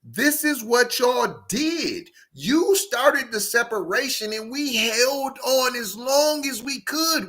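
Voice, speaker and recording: Guy ranting on a commentary channel, high voice swinging all over, keeps asking which one is it. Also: takes it slowly, few pauses. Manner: animated, mocking, repeats rhetorical questions. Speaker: online commentator. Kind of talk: heated commentary rant.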